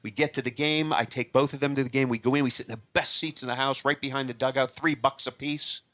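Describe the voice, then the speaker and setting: A man's voice: mid-range voice, fast talker, no room sound. A man from Northeast Ohio, a guest magician, telling stories in a podcast interview, restarting and repeating words as he goes. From Northeast Ohio, USA. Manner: animated anecdote-teller, repeats and restarts words.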